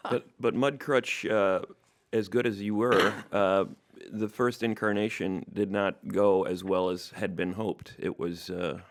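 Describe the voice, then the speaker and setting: A man co-hosting a talk show, asking questions in a measured, hesitant way. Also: lowish voice, fairly even intonation. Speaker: co-host. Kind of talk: interviewing.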